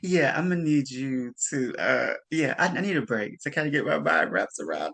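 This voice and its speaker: A man's voice: mid-range voice, lively intonation, moderate pace, creaky, a bit bright. Laid-back joking male podcast host. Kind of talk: casual chat and show outro.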